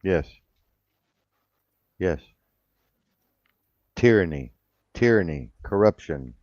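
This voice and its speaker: Man, radio host, very low voice, dry muffled recording, casual talk. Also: expressive, slow, darkish tone, no echo. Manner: drawling, repeats himself, says uh often. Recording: dull lo-fi sound.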